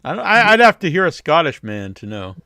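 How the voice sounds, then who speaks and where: Animated high-pitched man, gravelly and bright. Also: brisk. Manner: animated, laughs often, stammers when unsure. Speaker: podcast co-host. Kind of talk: casual chat.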